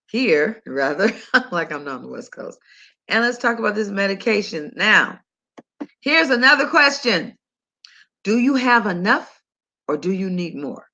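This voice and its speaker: Bright-voiced chatty woman host. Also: medium pitch. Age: older. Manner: chatty storyteller, animated and conversational. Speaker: health talk host. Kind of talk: casual monologue to listeners.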